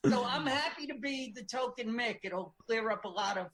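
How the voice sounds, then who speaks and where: Wry middle-aged comedian from Brooklyn. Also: male voice, extremely high pitch, expressive, moderate pace, crowd noise. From Brooklyn, New York. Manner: wry storytelling, swears casually. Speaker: comedian guest. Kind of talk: casual podcast chat.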